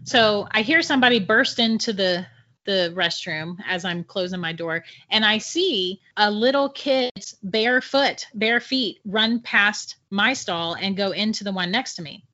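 Middle-aged woman guest, lively storyteller who laughs easily, bright voice, dull lo-fi sound. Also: medium pitch, measured pace. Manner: animated, laughs often between sentences. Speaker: podcast guest. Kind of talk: telling a personal ghost story. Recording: dull lo-fi audio.

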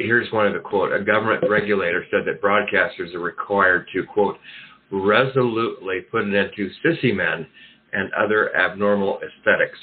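Deep-voiced guy hosting talk radio, rambly with lots of uhs, sounds like it's over a phone line. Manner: rambling, many fillers and restarts. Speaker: radio show host. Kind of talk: casual talk radio commentary.

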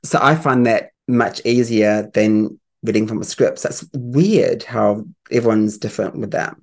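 Podcast host, mid-pitched, conversational, summarises and asks questions. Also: measured pace. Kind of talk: casual chat.

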